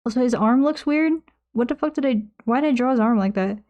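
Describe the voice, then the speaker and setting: A young woman with a fairly high, mellow voice chats into a close desk mic while she paints on stream. She rambles and laughs at her own habits as she answers her viewers, and her tone stays loose and self-mocking. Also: quick pace. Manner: rambling, self-mocking, reads chat aloud. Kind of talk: casual chat while painting. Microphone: desk microphone close by.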